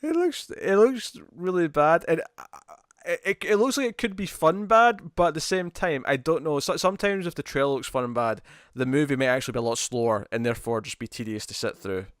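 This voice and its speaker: A man's voice: a little high, animated, fairly quick, no echo, clean studio sound. A man co-hosting a podcast, chatting casually and rambling about movie trailers with lots of restarts. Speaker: podcast co-host.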